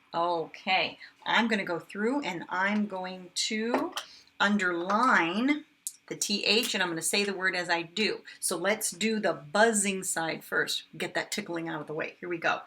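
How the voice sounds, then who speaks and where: A woman teaching a phonics lesson for children and their parents, slowly sounding out each word for listeners to repeat. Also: on the low side, pushed and bright. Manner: slow, exaggerated word modeling. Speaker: kindergarten teacher.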